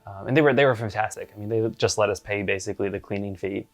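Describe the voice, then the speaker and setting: Low-voiced man recalling a location. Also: fast. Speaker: filmmaker. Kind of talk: behind-the-scenes recollection.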